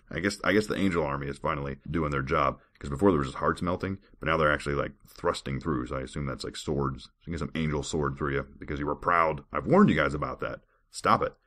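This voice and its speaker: Podcast host, man, sarcastic commentary, very deep and husky. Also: a bit bright. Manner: sarcastic, incredulous asides. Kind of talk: casual commentary with scripture reading.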